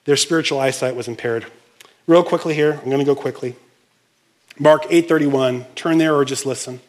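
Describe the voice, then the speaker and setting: A man preaching a sermon as pastor, animated and conversational, acting out scenes and speaking to the congregation with frequent asides. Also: a little high, moderate pace. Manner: animated, uses props and acts out scenes.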